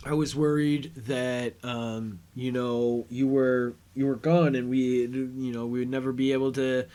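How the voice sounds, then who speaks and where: Male podcast host, unhurried rambling recap, mid-pitched everyday voice. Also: level tone, warm tone. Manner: rambling, retells scenes with paraphrased quotes. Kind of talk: casual episode recap commentary.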